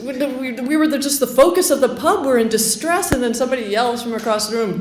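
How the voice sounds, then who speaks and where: A woman telling a comic tall tale to a live audience in an animated, lively way. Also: high-pitched, a little fast, few pauses, echoey room. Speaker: storyteller.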